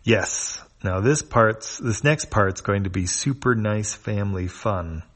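A man's voice: on the low side, takes it slowly, a bit bright, full character voice. A man reading the lines of a goggled alien in a webcomic, falsely cheerful. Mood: fake cheer.

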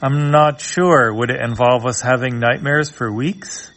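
A man voicing a worried mother from a comic strip, in a high, strained falsetto. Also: fairly even intonation, a little slow, fairly bright tone. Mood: uneasy.

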